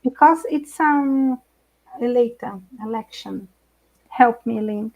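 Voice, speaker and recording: A middle-aged Brazilian woman speaking English with a Brazilian Portuguese accent, an animated guest in a live video chat who laughs often and searches for words. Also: a little high, slow pace, phone-quality sound. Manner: animated, laughs often, hesitant non-native phrasing. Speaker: guest speaker, intercultural trainer.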